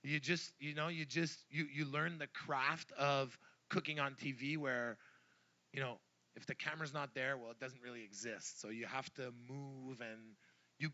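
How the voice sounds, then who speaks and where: A celebrity chef telling animated, rambling stories full of fillers, on stage at a live event. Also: male voice, mid-range voice, muffled recording. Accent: Montreal English. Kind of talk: casual stage chat.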